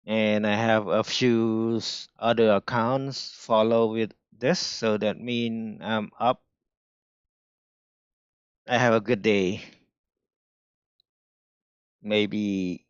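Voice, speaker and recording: A man with a strong non-native accent, talking casually on a live stream about his trading, halting and restarting often. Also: fairly low pitch, steady tone, clean tone, dry recording, lo-fi sound. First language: not English. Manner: halting, restarts often, slow careful phrasing. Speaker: day trader streaming live.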